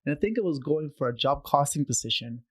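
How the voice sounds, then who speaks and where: Fast-talking man telling his story. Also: on the high side, husky. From Canada. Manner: animated, acts out quoted voices, many restarts. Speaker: podcast guest. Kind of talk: conversational storytelling.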